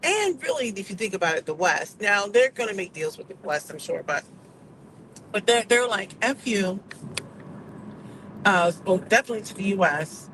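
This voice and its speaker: Chatty American woman with faint engine rumble. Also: expressive, brisk, a bit bright, rough recording. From United States. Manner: chatty, digressive, acts out quoted voices. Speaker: vlogger. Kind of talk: casual opinion commentary.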